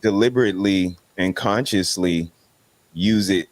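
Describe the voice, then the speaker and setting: A man's voice: low voice, a little slow. A man, making emphatic, preachy points as a guest in a casual podcast discussion. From New York City.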